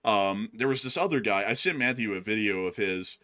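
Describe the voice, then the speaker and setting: A man's voice: fairly low pitch, animated, brisk, sharp tone. Chatty laughing man. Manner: laughs often, loose and chatty. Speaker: co-host answering viewer questions. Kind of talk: casual livestream chat.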